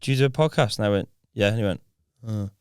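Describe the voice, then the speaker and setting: A podcast co-host in casual chat, teasing guests with wry banter. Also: male voice, fairly low pitch, quick pace, a little mellow, clean tone, no room sound, clean studio sound.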